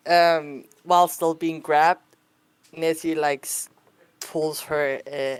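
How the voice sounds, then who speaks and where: Slow-speaking woman player. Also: sits low, no room sound. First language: Danish. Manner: rambling, many "like"s. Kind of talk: describing her character in a tabletop game.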